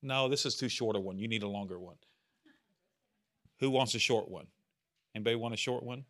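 Upbeat Bible study leader with a bright voice. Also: male voice, fairly low pitch, a little fast. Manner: enthusiastic, conversational, asks the group questions. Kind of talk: casual teaching to a group.

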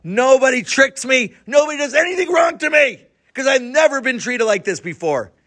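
A man voicing a huge, angry bully in a bar who shouts and wails his threats. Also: very high-pitched, animated, normal speed, pitched above the performer's own voice, heavily acted. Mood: gloating.

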